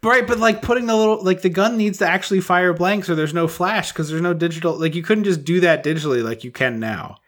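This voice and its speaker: A man co-hosting a podcast in casual chat about a movie, animated and quick to act out quoted characters. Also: high-pitched. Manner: animated, breaks into exaggerated voices for quoted characters. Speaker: podcast co-host.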